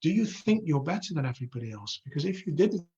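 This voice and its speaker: Earnest man, husky and lo-fi. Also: on the high side, big pitch swings, quick pace, dark tone. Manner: earnest, poses many rhetorical questions. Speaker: religious teacher. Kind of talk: live online religious lesson.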